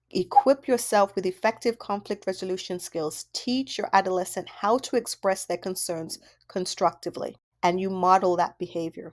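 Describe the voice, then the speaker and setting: A woman with a fairly low-pitched voice coaches parents through an audio workbook. She talks conversationally and keeps posing rhetorical questions to her listeners. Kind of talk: instructional audio workbook talk.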